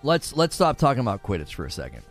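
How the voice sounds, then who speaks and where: A man in his forties chatting casually with viewers on a livestream, telling stories in an animated, laughing way. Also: mid-range voice, fast talker, faint music behind. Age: 40s.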